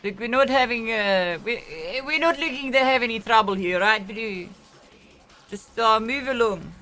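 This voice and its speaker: A firm woman guard in a roleplay game tells a stranger to move along, a little halting but steady, as a woman plays her. Her voice is bright and forward. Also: fairly high pitch, soft background music, voice pushed up. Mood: warning.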